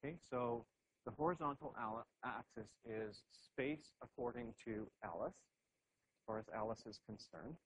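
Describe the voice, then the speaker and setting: A man's voice: lowish voice, background noise. Man lecturing physics, dull recording. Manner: thinks aloud, many restarts and "okay"s. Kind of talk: classroom lecture at a board.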